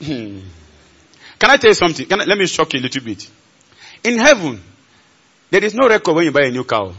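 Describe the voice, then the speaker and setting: A Nigerian man preaching a sermon at a large conference, leading the congregation in call and response and building to shouts. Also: fairly high pitch, big pitch swings, a little fast, slightly rough, dull audio. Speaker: pastor.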